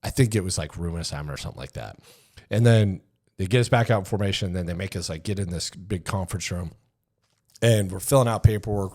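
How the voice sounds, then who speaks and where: A man in his fifties with a fairly low voice tells an old service story in a relaxed, unpolished way. He swears freely and drops into hushed asides when he replays what was said back then. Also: vocal fry, slightly rough. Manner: loose and profane, acts out remembered exchanges in hushed asides. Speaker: interview guest, former Army Ranger. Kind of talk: casual storytelling.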